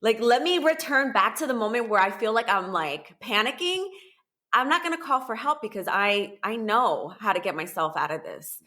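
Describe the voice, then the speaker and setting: A woman speaking as a podcast guest, telling her story in a candid, animated way. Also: on the high side, moderate pace. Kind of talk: casual interview chat.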